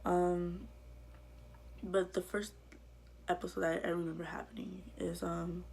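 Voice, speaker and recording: Woman vlogger, low gravelly voice, halting and hushed, faint hum behind. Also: flat delivery. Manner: halting and quiet, often dropping to a whisper. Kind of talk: personal life story told to camera.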